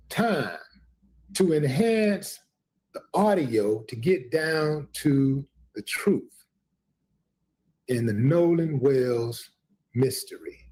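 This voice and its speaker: A man's voice: fairly high pitch, dark tone. A man hosting a live stream commentary, emphatic and addressing his viewers as family. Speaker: host.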